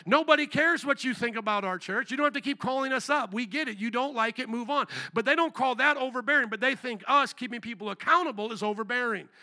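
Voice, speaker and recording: A man preaches with a bright, high voice, loud and emphatic. He talks to his congregation in a conversational way, with asides and calls for an amen. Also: fast, hardly any pauses. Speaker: pastor. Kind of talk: sermon. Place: church sanctuary.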